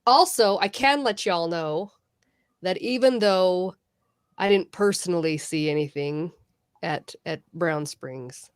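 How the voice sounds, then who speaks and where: A woman speaking as a guest on a livestream, chatty and halting, with frequent giggles. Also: on the low side, clear, resonant tone, no room sound, clean studio sound. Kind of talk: livestream interview.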